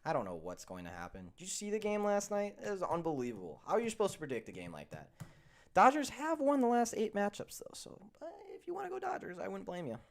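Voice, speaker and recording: A young man hosting a sports betting show in casual chat, with animated, profane storytelling that swings from heated rants to low grumbling. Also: fast, gravelly.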